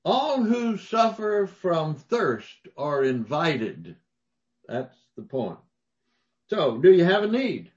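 Folksy preacher, high and slow. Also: male voice, very animated, muffled recording. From Mississippi, US. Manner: folksy storytelling preacher, emphatic rises. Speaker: pastor. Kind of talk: sermon.

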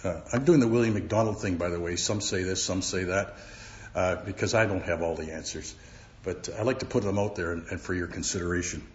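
A man teaching verse by verse from the Bible, halting often with fillers and repeated words. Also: sits low, slight background noise. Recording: roomy, dull recording.

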